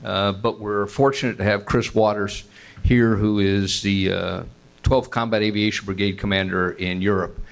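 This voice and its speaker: Low-voiced male panel moderator. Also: level tone, normal speed, vocal fry.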